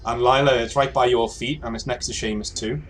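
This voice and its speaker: A man's voice: mid-range voice, steady tone, a little fast, a bit bright. A man acting as game master, narrating a tabletop role-play game in a hesitant way with many fillers and restarts.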